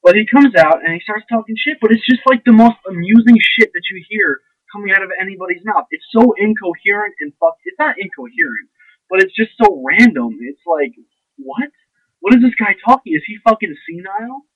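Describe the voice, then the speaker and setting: A man's voice: sits high, animated, a little fast, husky, no echo, muffled recording. A young man ranting to camera in a blunt, sarcastic, profane and rambling way. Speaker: vlogger. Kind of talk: casual ranting monologue.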